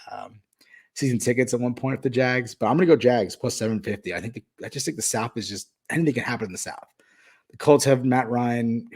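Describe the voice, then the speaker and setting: A man's voice: lowish voice, darkish tone. A man hosting a podcast, talking casually through his sports betting picks with frequent fillers and restarts. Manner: rambling, hesitant with many fillers. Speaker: podcast host.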